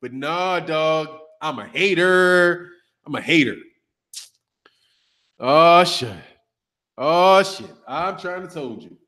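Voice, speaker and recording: A man's voice: fairly high pitch, slow, long pauses. A man in his thirties hosting a boxing channel, talking casually and profanely, trash-talking while reading a live chat. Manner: animated, profane, trash-talking, laughs often.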